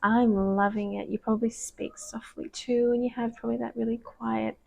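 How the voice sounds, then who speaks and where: Woman, tarot reader, gravelly, rambling, gushing, soft-spoken, whispered asides. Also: fairly high pitch, little pitch movement, moderate pace, a little hiss or hum. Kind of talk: casual tarot reading to camera. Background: dogs barking.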